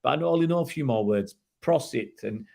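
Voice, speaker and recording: Middle-aged guy rambling through jokey stories, lots of restarts, ordinary pitch. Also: lively intonation, fairly quick, gravelly, warm tone. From England. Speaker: co-host. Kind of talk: casual chat.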